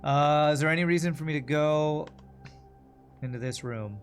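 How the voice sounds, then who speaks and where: A man's voice: on the high side, moderate pace, faint music behind. A man streaming a puzzle game, muttering and thinking aloud to himself and his chat. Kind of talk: casual gameplay commentary.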